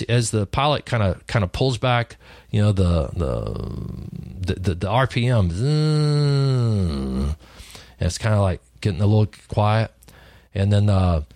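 A man telling a personal story in a relaxed, conversational way, often restarting his sentences. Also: mid-range voice, no room sound, studio quality. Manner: conversational, lively retelling with frequent restarts. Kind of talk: personal story told casually.

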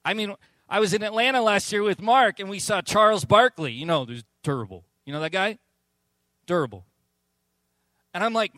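A man preaches to his congregation with a fairly high voice. He tells lively stories and acts out the quotes. The sound is dry and close. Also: normal speed, no room sound. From Southern California. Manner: animated storytelling, acts out quotes. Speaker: pastor. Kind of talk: sermon.

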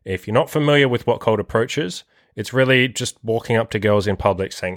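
Low-voiced man swearing through a casual story. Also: brisk, a bit bright, no room sound, clean studio sound. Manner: crude and profane, heavy use of filler "like". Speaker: podcast host.

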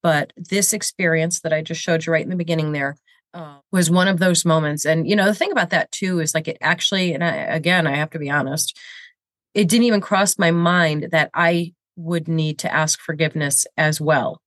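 A woman's voice: low-pitched, fairly even intonation, normal speed, a bit bright, dry recording. Congested, self-mocking woman in her fifties. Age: 50s. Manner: candid, self-deprecating, rambling with many restarts. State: congested from a cold. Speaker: host. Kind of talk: casual confessional chat. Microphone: video camera.

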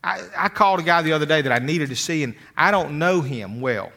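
A man's voice: a little high, lively intonation, brisk, sharp tone. An older man giving a motivational talk, telling folksy stories and often repeating words as he starts a sentence. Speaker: motivational speaker.

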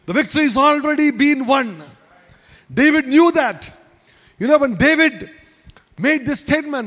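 A man's voice: extremely high pitch, lively intonation, moderate pace, fairly bright tone, big-room sound. A man preaching a sermon as pastor, emphatic and repetitive, with many rhetorical questions. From India.

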